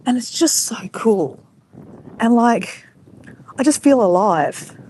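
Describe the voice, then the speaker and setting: A woman's voice: fairly high pitch, lively intonation, takes it slowly, darkish tone, slight background noise. Chatty Australian woman vlogging on a walk. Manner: chatty, greets viewers by name. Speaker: live-stream vlogger. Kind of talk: casual live-stream chat while walking. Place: outdoors on a beach walk at sunset. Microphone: phone held while walking.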